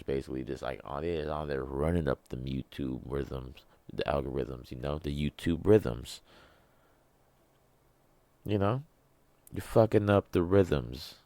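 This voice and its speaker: A man's voice: a bass voice, measured pace, gravelly, mellow, no room sound. A man in his thirties hosting a solo podcast, rambling and joking in a loose, profane way. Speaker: podcast host. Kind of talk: casual solo rant.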